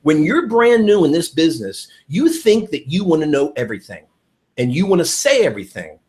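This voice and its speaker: Guy coaching sales folks, super animated, voice bounces all over, slightly high. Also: fairly quick. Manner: enthusiastic, animated, repeats key points. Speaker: network marketing trainer. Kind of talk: energetic training talk.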